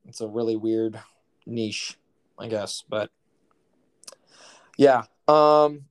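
A man's voice: fairly low pitch, drawn-out words, long pauses, smooth. A young man co-hosting a podcast, telling stories in a rambling, profane, incredulous way. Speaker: podcast co-host. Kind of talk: casual chat.

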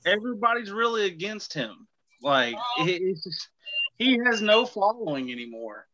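Lively high-voiced mocking man. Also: normal speed, crowd noise. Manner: blunt, mocking. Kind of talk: casual podcast chat. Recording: dull lo-fi sound with faint hiss.

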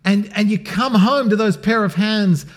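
Middle-aged pastor, fairly high voice, conversational sermon that drops to a near-whisper. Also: male voice, measured pace. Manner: conversational, swings from loud emphasis to near-whisper.

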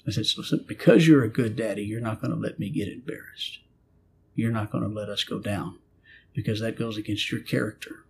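A man's voice: fairly low pitch, fairly quick, creaky, slightly rough. A middle-aged man, a pastor, telling a personal story in an earnest preaching manner and acting out his prayers and God's replies. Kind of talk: storytelling in a spiritual conversation.

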